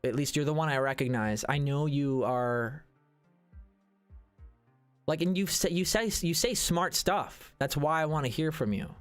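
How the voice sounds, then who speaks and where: A male streamer talks loosely to his chat in a slightly high voice, rambling and often restarting his sentences. Quiet music plays faintly under him. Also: unhurried, clear, resonant tone. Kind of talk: casual livestream chat.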